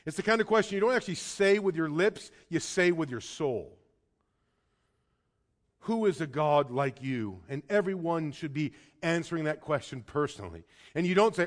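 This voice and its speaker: A man preaching a sermon in earnest, swinging between hushed and emphatic lines, often repeating words as he starts a sentence. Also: sits high, very animated, moderate pace. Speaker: pastor.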